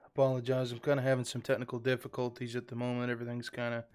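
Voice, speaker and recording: A man's voice: medium pitch, completely flat delivery, racing, darkish tone. A man streaming a game live, chatting casually to viewers in a rambling, filler-heavy way. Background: faint background music.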